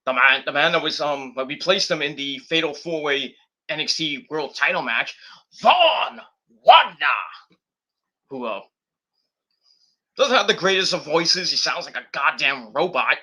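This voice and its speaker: A man's voice: on the high side, expressive, unhurried, long pauses, pushed and bright. A man casually reviewing wrestling on a live stream, rambling and swearing, with lots of fillers and restarts.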